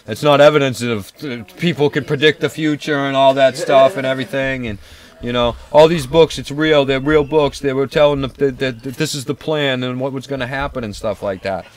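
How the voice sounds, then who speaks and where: A man co-hosting a casual radio talk show, rambling and profane, with animated storytelling. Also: mid-range voice, brisk. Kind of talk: casual chat.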